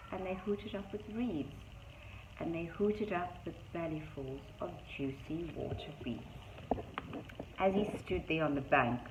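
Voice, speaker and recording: Low-voiced woman reading a rhyming storybook. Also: background noise. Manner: sing-song rhythmic reading with chatty asides about the pictures. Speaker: teacher reading to young children. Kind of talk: reading a rhyming picture book aloud. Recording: dull echoey room.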